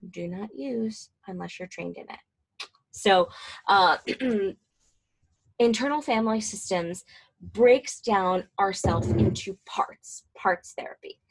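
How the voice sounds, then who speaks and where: A woman's voice: medium pitch, creaky. A woman in her twenties, a mental health counselor, giving a casual, chatty talk to fellow professionals with plenty of fillers and asides. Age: 20s.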